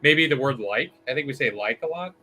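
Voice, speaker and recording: A man from California, chatting curiously and relaxed on a livestream. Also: mid-range voice, brisk. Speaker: artist guest. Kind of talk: casual chat on a livestream.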